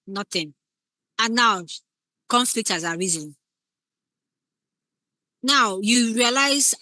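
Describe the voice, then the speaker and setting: A woman's voice: mid-range voice, pushed and bright, dry recording. A woman teaching scriptwriting in a casual lecture, acting out short example lines as she explains. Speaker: scriptwriting instructor.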